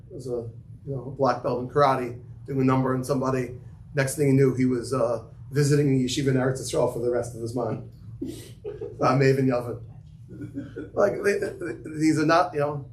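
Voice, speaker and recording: A man leads a relaxed Torah class and tells stories loosely, with many asides and Yiddish and Hebrew terms. The room is echoey, and a faint hum of ambient noise sits under his voice. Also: mid-range voice. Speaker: yeshiva teacher giving a class. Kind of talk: casual Torah class with students.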